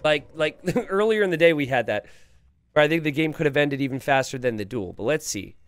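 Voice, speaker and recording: Animated male game streamer. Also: a little high, a little fast, clear, resonant tone, no echo. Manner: animated, reads viewer chat aloud. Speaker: live stream host. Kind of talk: live game commentary.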